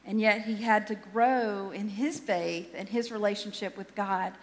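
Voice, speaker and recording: A woman's voice: mid-range voice, fairly even intonation, a little slow, in a large hall. A woman pastor giving a sermon in a conversational, self-deprecating way, often restarting her sentences.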